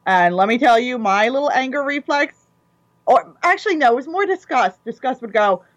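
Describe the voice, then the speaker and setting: Eager high-voiced woman, dull recording. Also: moderate pace, dry recording. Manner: enthusiastic, animated retelling of scenes. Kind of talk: casual chat.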